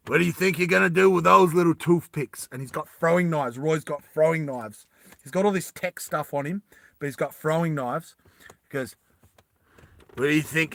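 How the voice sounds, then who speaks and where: A man's voice: a little high, vocal fry, dry recording. A man animatedly telling a movie story to friends, often asking "right?". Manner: animated, laughing, repeats "right?". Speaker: storyteller pitching a movie plot.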